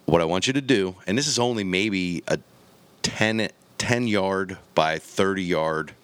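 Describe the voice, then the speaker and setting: Brief: man, low voice, podcast guest, lively storyteller who does the sound effects himself, dry close mic. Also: a little slow, clear, resonant tone, no room sound. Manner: animated storyteller, acts out gunshots and quotes. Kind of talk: casual storytelling chat.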